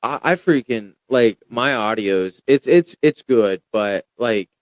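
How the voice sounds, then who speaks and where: A young man chatting casually as a podcast guest, telling stories in a rambling, animated way with lots of fillers. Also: medium pitch, slow pace, no echo. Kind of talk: casual chat.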